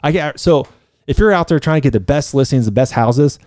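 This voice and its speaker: Fast, heated male real estate agent, mellow voice, dry close mic, casual podcast chat. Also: mid-range voice, lively intonation, dry recording. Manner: fast, heated storytelling with frequent swearing.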